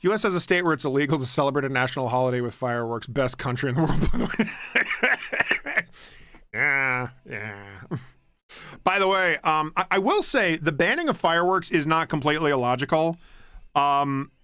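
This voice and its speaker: A man's voice: fairly high pitch, animated, moderate pace, sharp tone, clear, resonant tone, dry recording, clean studio sound. A young man streaming from home, chatting casually, rambling with restarts, swearing and laughing easily. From United States. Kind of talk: casual chat reading stream comments.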